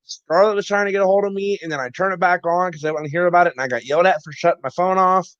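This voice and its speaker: A man's voice: sits high, very fast, a bit bright, clear, resonant tone, no room sound. A man co-hosting a casual livestream chat, rambling and joking with lots of swearing. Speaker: co-host. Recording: dull lo-fi stream audio.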